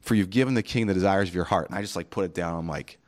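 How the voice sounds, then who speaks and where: A man's voice: sits low, rapid-fire. A man, a pastor hosting a podcast, talking earnestly and reflectively about faith in casual conversation, quoting scripture and sayings.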